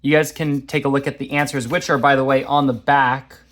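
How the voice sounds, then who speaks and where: A man's voice: mid-range voice, level tone, a little fast, fairly bright tone. A man teaching a math lesson, walking through graphing problems in a chatty, self-deprecating way. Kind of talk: casual lesson walkthrough.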